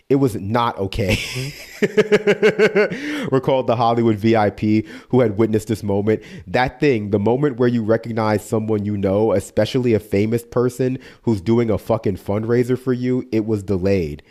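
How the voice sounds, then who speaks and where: Male streamer, lowish voice, reads text aloud then riffs sarcastically. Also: moderate pace, darkish tone. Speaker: streamer reading an article aloud. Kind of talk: casual live-stream reading with commentary.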